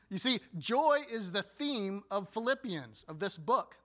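A man preaching a sermon as a pastor, earnest and deliberate, with playful asides. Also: high voice, pushed and bright.

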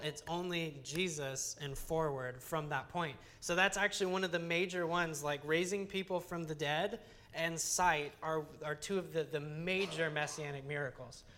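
Young adult preacher, conversational sermon, earnest, chatty, lots of restarts and fillers, mid-pitched voice. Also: steady tone, normal speed, hardly any pauses, a bit bright. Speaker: Bible teacher.

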